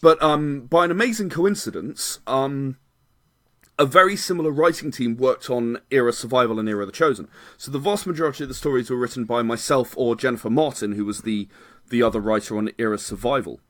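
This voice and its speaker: A man's voice: mid-range voice, brisk, no echo, clean studio sound. A man, a game designer chatting as a podcast guest, rambling and qualifying himself with frequent laughs. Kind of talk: casual podcast interview.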